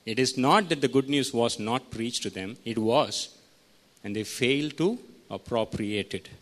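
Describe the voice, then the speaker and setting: A man delivers a teaching sermon at a mid pitch. He reads through scripture, tells his listeners which words to underline and keeps putting questions to them. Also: measured pace, a bit bright. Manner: teaching, asks the congregation questions. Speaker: preacher.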